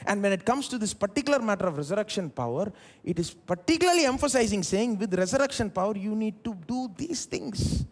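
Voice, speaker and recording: A male pastor with an Indian English accent, preaching a sermon at a church service and swinging between loud emphasis and quiet asides. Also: high-pitched, expressive, fast.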